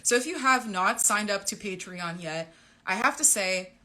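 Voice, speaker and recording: A woman's voice: mid-range voice, lively intonation, normal speed, sharp tone. A young woman, a romance author, chatting casually on a livestream and rambling through updates for her readers. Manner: chatty, rambling, reads out viewer comments.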